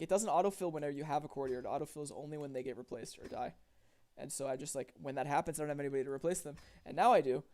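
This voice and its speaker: A young man streams a strategy game, chatting casually to his viewers, thinking aloud, and getting easily exasperated. His voice is a little high and a little mellow.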